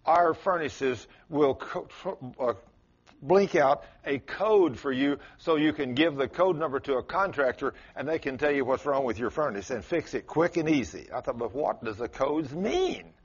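A man's voice: animated, moderate pace, breathy edge. A male pastor preaching a sermon, telling a story with sudden rises and drops in his voice. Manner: storytelling with dramatic swings in pitch and loudness. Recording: muffled lo-fi sermon recording.

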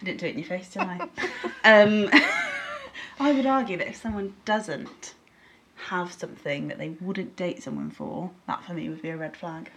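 A woman's voice: fairly low pitch, moderate pace, slight background noise. Blunt, laughing woman. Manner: blunt, laughs often, animated. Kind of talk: casual chat.

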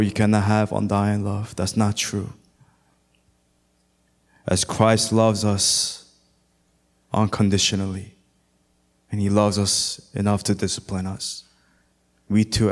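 A man preaching a sermon as pastor, slow and emphatic, climbing to loud, high exhortation and sometimes singing lines of scripture.

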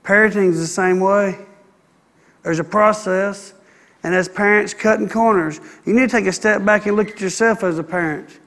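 A man preaching a sermon, animated and acting out the people he quotes. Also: sits high, moderate pace, long reverb tail. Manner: animated, acts out quoted people, calls for amen.

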